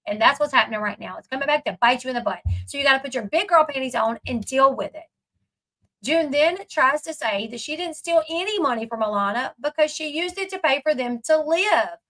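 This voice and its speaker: A woman's voice: sits high, expressive, fairly quick, fairly bright tone, low-quality recording. A woman hosting a casual reaction commentary, chatty and emphatic with fillers and asides. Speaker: commentary channel host.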